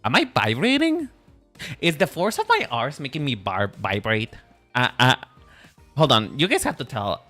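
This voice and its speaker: Man streamer, very lively and bright, chatty and profane, talks to chat, faint music under him. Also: mid-range voice, normal speed. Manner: animated and swearing, laughs often, talks straight to chat. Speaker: streamer with an animated avatar. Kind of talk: casual live-stream chat with viewers.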